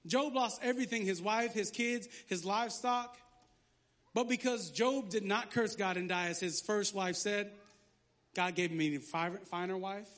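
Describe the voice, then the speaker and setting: A man pastor preaching a lively sermon, joking and sarcastic between scripture readings. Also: high voice, normal speed.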